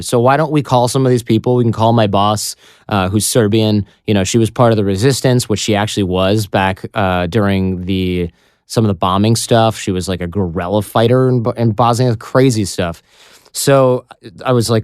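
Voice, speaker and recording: Smooth-voiced man telling a story. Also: lowish voice, fairly quick, no echo, clean studio sound. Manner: animated storyteller who acts out quoted voices. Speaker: podcast guest. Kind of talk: casual storytelling interview.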